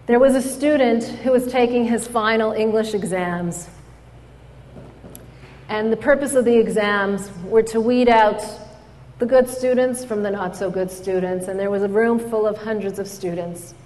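A woman giving a storytelling speech at an event, lively as she acts out the people in her stories. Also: fairly high pitch, normal speed. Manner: animated storyteller, acts out quoted voices. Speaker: speaker at an event. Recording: hall reverb.

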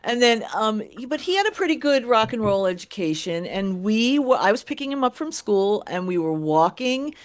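A woman co-hosting a radio show, telling anecdotes in a lively, animated way. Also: a little high, moderate pace, few pauses. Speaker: radio co-host. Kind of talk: casual radio chat.

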